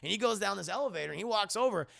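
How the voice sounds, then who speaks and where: A man streaming a casual, profane film breakdown to his live chat, excitable and quick to laugh. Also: high-pitched, gravelly.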